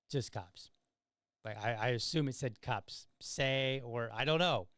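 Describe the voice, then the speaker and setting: A man's voice: mid-range voice, moderate pace, fairly bright tone, clean tone, dry recording, studio quality. A man hosting a casual commentary podcast, talking in a sarcastic, wry way with chatty asides to his listeners. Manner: talkative, conversational asides. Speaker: podcast host.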